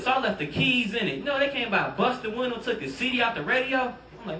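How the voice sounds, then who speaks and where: A man's voice: extremely high pitch, lively intonation, fast talker, pushed and bright, recorded from a distance. A young man from doing a stand-up comedy set, bantering loosely and talking straight to the crowd. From Detroit. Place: comedy club stage. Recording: roomy club sound, mic set back.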